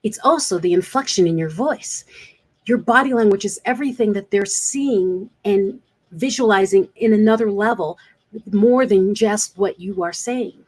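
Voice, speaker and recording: A woman's voice: mid-range voice, normal speed, a little mellow. A woman speaker coach talking straight to camera in an earnest, coaching manner, repeating points for emphasis. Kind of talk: direct-to-camera advice vlog.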